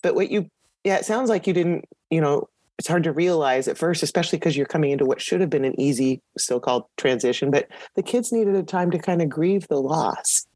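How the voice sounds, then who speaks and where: A woman's voice: low voice, a little fast, darkish tone, no echo. A woman hosting a podcast interview, reflecting back what her guest says and asking follow-up questions. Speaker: podcast host. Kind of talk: casual interview chat.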